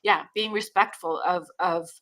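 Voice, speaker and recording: Woman guest, bright tense tone, earnest and reflective. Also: on the low side, unhurried. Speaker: podcast guest, psychic. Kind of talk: casual chat.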